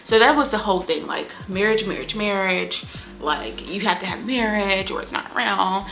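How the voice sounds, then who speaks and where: A woman giving a casual book review on her vlog, talking in an animated, candid way, swearing freely and acting out lines from the story. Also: mid-range voice, normal speed, creaky, soft background music. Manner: animated, candid and profane, acts out quotes.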